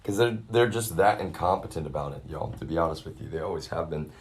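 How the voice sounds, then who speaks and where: A young man with a very low voice vents into his own camera in a long, rambling rant. He swears constantly and keeps on calling his viewers y'all, like a streamer talking straight to his chat. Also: fast talker. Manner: swears heavily and keeps addressing the audience as y'all. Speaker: livestreamer. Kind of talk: profane rambling rant to a live audience. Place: at his grandmother's residence. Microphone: self-filmed camera.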